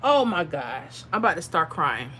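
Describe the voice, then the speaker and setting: Bright and forceful, with an expressive mid-range voice at a moderate pace, this livestream host gives lottery picks. She talks freely with viewers, reads their comments out, reacts, and drops in emotional asides.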